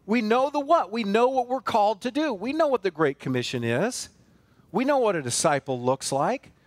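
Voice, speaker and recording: A male pastor with a fairly high voice preaches a sermon in a church. He is earnest and emphatic, piling up repeated phrases and firing off rhetorical questions. The sound is close and dry, with little room echo. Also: big pitch swings, normal speed. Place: church sanctuary.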